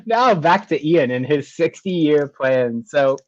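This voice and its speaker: A man's voice: a little high, expressive, slow, no room sound, muffled recording. A man hosting a live online show, greeting viewers with upbeat, effusive chatter over a video call. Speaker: show host.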